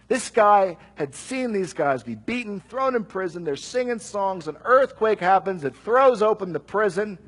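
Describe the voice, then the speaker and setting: A middle-aged man preaching a sermon, reading scripture and adding lively conversational asides. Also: high-pitched, breathy edge, poor audio. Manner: conversational, animated asides with quick jokes.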